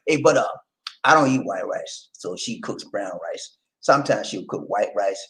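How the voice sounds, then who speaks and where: A man's voice: on the low side, animated, normal speed, fairly bright tone, poor audio. A man hosting a casual livestream, chatting with viewers, laughing and giving sing-song introductions. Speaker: livestream host.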